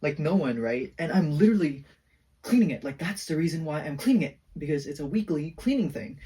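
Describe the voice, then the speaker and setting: A man's voice: a little high, expressive, a little fast, mellow, distant mic. A teenage boy venting in a casual rambling vlog, saying "like" constantly. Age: teens. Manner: rambling, heavy use of "like", venting. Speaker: vlogger.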